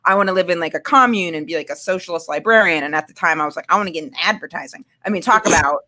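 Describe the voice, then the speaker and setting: A woman's voice: lowish voice, rapid-fire. Candid woman telling a personal story. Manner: candid, animated, acts out quoted voices. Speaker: storyteller guest.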